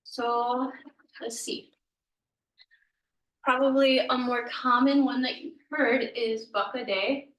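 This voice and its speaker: A woman teaching a language lesson at an unhurried pace, sounding out each word slowly and patiently and correcting herself as she goes. Her voice sits a little high. The recording is roomy and echoey, with her voice set back a little from the mic. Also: fairly even intonation, a bit bright, distant mic. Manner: patient, slow, sounding out words, self-correcting. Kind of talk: explaining grammar in a recorded lesson. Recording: echoey room, voice a bit off mic.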